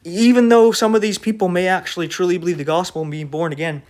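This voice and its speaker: A man's voice: high-pitched, steady tone, fast. A man preaching an online sermon in an emphatic, rebuking way, full of rhetorical questions.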